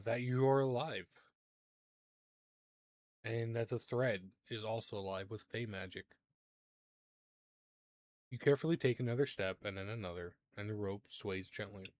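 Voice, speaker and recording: A man narrating a tabletop game as game master, halting with many fillers and quick to laugh. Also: medium pitch, dry recording.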